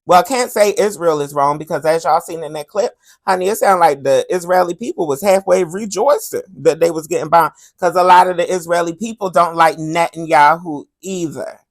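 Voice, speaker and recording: A woman hosting a current-events commentary show in a sassy, animated style. Her voice sits low with a gravelly fry in it. She keeps up the attitude and calls her listener "honey". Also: fairly quick. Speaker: commentary podcast host.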